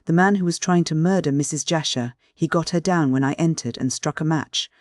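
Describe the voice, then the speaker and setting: An audiobook reader voicing an anxious young gentleman who speaks low and hushed. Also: brisk, no echo, clean studio sound, natural voice.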